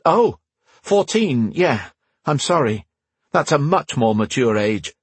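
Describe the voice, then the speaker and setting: Sarcastic worn-out young dude played by a man, kinda husky, dry close sound. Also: mid-range voice, big pitch swings, takes it slowly, dry recording, pitched above the performer's own voice, exaggerated voice. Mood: sardonic, wry. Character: sardonic young man, weary and restless.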